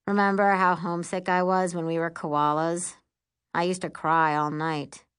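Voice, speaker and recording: A woman's voice: fairly low pitch, little pitch movement, moderate pace, a bit bright, smooth, close to an everyday voice. A woman reading a wry teasing teen girl.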